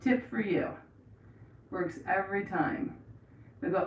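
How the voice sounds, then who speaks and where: A woman's voice: medium pitch, slow pace, creaky, long pauses. A middle-aged American woman rambling through casual livestream chat and reading out viewers' messages while she paints trim in her bathroom. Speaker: livestream host. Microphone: camera set across the room. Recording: echoey room, voice far from mic, faint noise.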